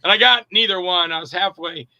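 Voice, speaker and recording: A man's voice: sits high, brisk, creaky, dry recording, highs cut off. A middle-aged man, an actor and director, casually telling stories in an interview and acting out quoted dialogue with plenty of fillers. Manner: animated, acts out quoted dialogue, frequent fillers.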